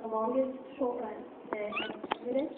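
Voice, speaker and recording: A woman's voice: a little high, fairly even intonation, a little fast. Hesitant woman fan, distant and tinny. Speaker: fan asking a question. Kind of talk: audience question at a panel. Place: large convention hall. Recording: tinny, echoey hall from far off, crowd noise.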